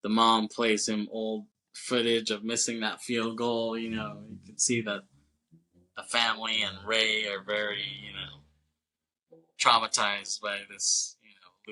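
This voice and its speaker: A man's voice: lowish voice, sharp tone, low-quality recording. A male podcast co-host recapping a movie in loose, casual chat, full of fillers, swearing and chuckles.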